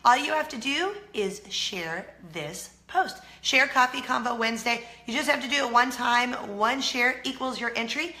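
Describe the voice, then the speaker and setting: Bright-voiced hoarse woman with a Southern drawl. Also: a little high, normal speed, few pauses, reverberant. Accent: slight Southern US drawl. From California. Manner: chatty and self-mocking, with frequent laughs. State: hoarse from a cold. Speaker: vlog host. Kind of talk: casual chat to camera.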